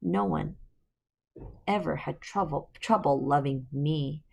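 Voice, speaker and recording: A woman reading aloud as a fearless storybook girl who speaks bluntly and stands her ground. The voice is low with a slight gravel. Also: takes it slowly, full character voice. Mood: defiant. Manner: blunt, defiant. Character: bold fearless young girl.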